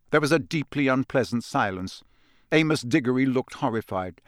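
A man's voice: medium pitch, normal speed, no room sound, studio quality. A man narrating a novel expressively as an audiobook reader. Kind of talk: scripted narration.

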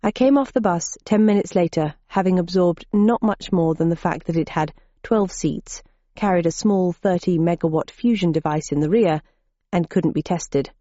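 A woman's voice: on the low side, moderate pace, mellow, no room sound, lo-fi sound. A woman reading a first-person audiobook in a wry, dry, observant manner. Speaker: audiobook narrator.

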